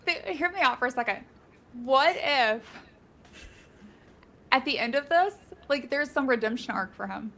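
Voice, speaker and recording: A woman's voice: high voice, animated, fast talker, hardly any pauses, fairly bright tone. Chatty woman co-hosting a book chat. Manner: speculative, chatty, many "like" fillers. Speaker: book discussion co-host. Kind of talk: casual live book chat.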